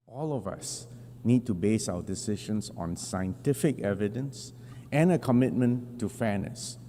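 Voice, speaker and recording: A man delivering a formal prepared speech as a government delegate at an assembly podium, measured and deliberate with emphatic pauses. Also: fairly low pitch, mellow. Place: large assembly hall. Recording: long reverb of a large hall, faint hum.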